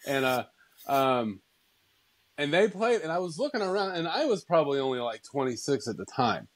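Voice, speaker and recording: A man in his thirties who talks a little high for a man and rambles through casual podcast chat. He leans on fillers and restarts and laughs a lot. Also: very animated, moderate pace, rough recording. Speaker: podcast co-host.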